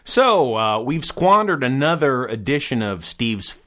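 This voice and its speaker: A man's voice: medium pitch, big pitch swings, unhurried, a bit bright. A man hosting a comic wine review show, talking in a sarcastic, brash, mock-outraged way.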